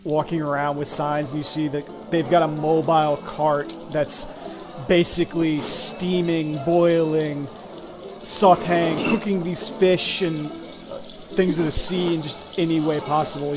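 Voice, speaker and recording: A game master narrating a tabletop game in a relaxed, halting way with many fillers. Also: mid-range voice, music in the background, poor audio.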